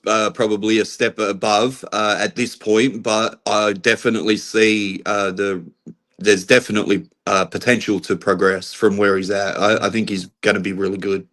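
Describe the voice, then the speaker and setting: An Australian man with a fairly low voice talks in a casual podcast chat. He is easygoing and often restarts his sentences. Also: fairly even intonation, normal speed, a bit bright.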